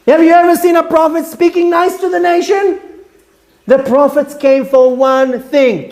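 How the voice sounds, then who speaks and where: A man preaching as a rabbi, fiery and rebuking, repeating words for emphasis and swinging between shouts and hushed tones. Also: very high-pitched. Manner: repeats words for emphasis, asks rhetorical questions. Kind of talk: impassioned sermon.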